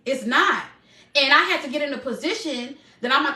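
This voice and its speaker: A woman with a high, bright voice talks earnestly and from the heart, leaning on repeated phrases to drive her points home. She is speaking live from her home, and the room adds a noticeable echo. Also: animated, a little fast. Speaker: live-stream host.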